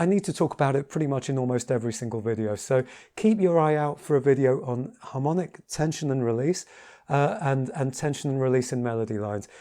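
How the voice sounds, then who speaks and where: A man giving a casual piano lesson, talking in a halting way with many repeated words and fillers. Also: on the high side, dark tone. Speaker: piano teacher. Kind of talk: casual spoken tutorial. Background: piano playing between remarks.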